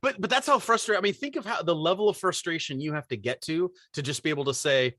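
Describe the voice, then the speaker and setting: An animated man in his forties tells a story with a bright, forceful edge and a slightly raised pitch. The sound is dry and close, with no room behind it. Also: fast talker, dry recording. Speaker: podcast co-host. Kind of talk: casual storytelling chat.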